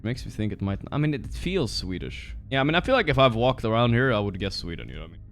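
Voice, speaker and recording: A man streaming a game, chatting casually with his viewers, swearing freely and reacting out loud. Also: lowish voice, very animated, fast talker, faint music behind. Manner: swears freely, reacts loudly, talks to chat. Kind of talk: casual livestream chat while gaming.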